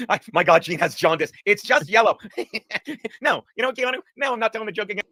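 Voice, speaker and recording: A man's voice: high-pitched, lively intonation, quick pace, sharp tone, no echo. A man hosting a casual talk show, rambling, profane and laughing through his stories. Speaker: podcast host. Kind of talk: casual chat.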